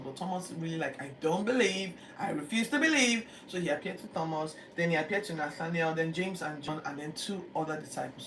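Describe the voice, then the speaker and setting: A Bible teacher, retelling scripture in a lively, chatty way with acted-out quotes. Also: mid-range voice. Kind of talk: casual Bible-reading commentary. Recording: echoey room, distant mic, background noise.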